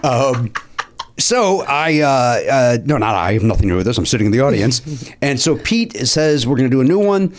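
A man's voice: moderate pace, a little hiss or hum. A man hosting a podcast in casual chat, telling stories and acting out quotes with lots of laughter. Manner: animated, acts out quotes with big pitch jumps and laughs. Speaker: podcast host.

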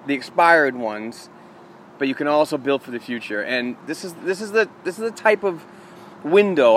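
A man's voice: mid-range voice, a bit bright, slight background noise. A man co-hosting a casual sports talk show, laying out his views in a confident, emphatic way. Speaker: co-host of a hockey talk show. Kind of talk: casual analytical chat.

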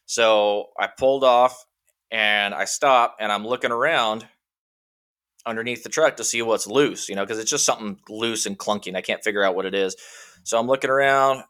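A guest from Washington state tells a long, wandering personal story in casual conversation, packing it with "you know" and "like." His voice sits lowish, moves at a normal speed, and sounds clear and resonant.

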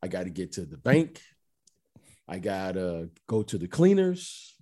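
A middle-aged man telling stories in a casual chat, emphatic and animated, often repeating the listener's name. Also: deep voice, unhurried. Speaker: former basketball player, guest.

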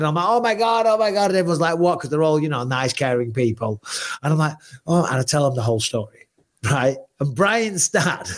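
A middle-aged man with an English accent, hosting a casual podcast and acting out voices in his stories. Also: on the high side. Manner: animated storyteller who acts out voices. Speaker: podcast host. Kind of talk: casual podcast chat and read ad.

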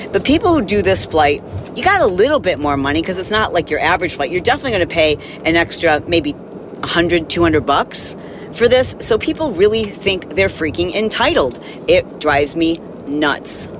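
A woman's voice: fairly low pitch, background noise. Exasperated woman telling a story. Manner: animated, exasperated, acts out quotes. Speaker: podcast host. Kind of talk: casual storytelling monologue.

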